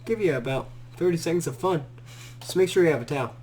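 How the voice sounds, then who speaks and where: Quick and on the high side, this young podcast host's voice comes with a little hiss or hum. He chats casually through a story, laughing often and acting out the quotes with animation.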